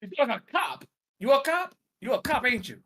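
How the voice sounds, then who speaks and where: A man's voice: very high voice, sing-song, brisk, a bit bright, dry recording. A young man on a voice chat, taunting the others and repeating his jabs over and over. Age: young adult. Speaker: podcast caller. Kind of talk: trash-talking voice chat. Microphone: online voice chat.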